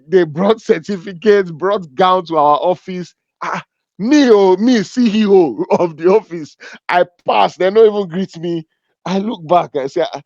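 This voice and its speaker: A man with a Nigerian accent giving a humorous, animated business talk, joking and teasing as he tells stories. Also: fairly high pitch, no echo, lo-fi sound. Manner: animated and joking, laughs at his own stories. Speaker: business speaker.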